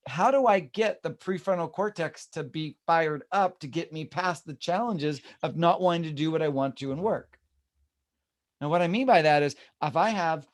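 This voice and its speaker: A man leading a real estate team meeting, talking animatedly and acting out the people he quotes. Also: on the high side. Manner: animated, acts out quoted voices.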